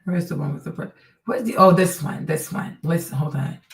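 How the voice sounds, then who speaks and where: A woman hosting a live stream, reacting to video clips in an animated, mocking way and tossing in Spanish words. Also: deep voice, fairly quick. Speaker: streamer host. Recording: roomy, distant from mic.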